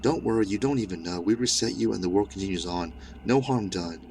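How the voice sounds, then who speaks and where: A man voicing a frantic older male scientist with a thick Scottish accent, explaining things in a brisk, matter-of-fact way. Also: on the low side, darkish tone, slight background noise, lightly acted.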